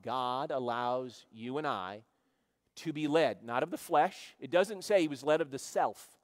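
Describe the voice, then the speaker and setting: Midwestern American pastor, middle-aged man, high voice, preaching with swells and hushes, church hall reverb. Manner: preaching with call-and-response, swelling loud then dropping low. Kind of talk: sermon. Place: large church sanctuary.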